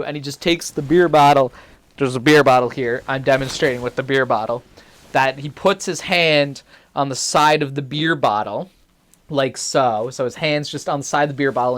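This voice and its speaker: A young man hosting a podcast, telling a story in a casual, animated way with lots of laughter and swearing. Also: medium pitch. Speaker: podcast host.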